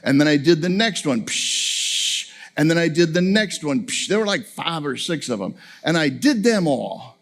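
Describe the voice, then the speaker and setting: A middle-aged man tells a story to an audience, and his voice rises and falls with animated pitch as he acts out each line. He sits a little high for a man and breaks into laughter as he goes. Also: moderate pace, hardly any pauses. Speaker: family camp speaker.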